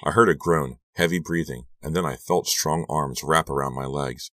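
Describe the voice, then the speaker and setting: A man narrating an audiobook thriller in a steady, measured storytelling voice. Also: extremely low pitch, no echo, clean studio sound. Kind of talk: scripted narration.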